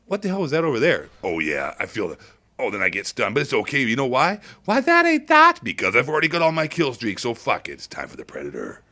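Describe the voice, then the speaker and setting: A man giving crude, comedic gameplay commentary, hyper and swinging between squeaky highs and low mutters. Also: huge pitch swings, fast, sharp tone.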